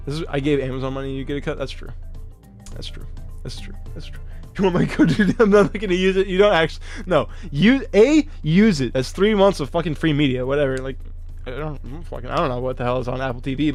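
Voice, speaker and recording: An excitable, profane male streamer with a slightly high voice laughs often during casual live-stream chat. He reads card text aloud and reacts to his chat.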